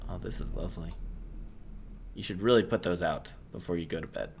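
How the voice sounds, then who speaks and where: A man hosting a gaming channel, giving quiet, soft-spoken let's-play commentary and musing aloud as he explores. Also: low voice, brisk, creaky, background noise.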